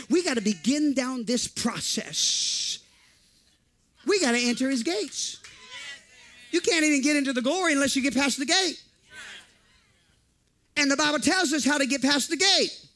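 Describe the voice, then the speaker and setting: A man preaching with a high, bright voice that cuts through the room. He drives his points home with repetition and calls on the congregation to answer back. His delivery is fervent and insistent. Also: animated, moderate pace, pauses often, a little hiss or hum. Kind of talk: sermon.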